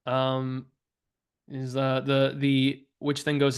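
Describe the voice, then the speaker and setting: A man narrating as game master of a tabletop game, halting and full of fillers. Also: medium pitch, completely flat delivery, clear, resonant tone. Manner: halting, many fillers and restarts.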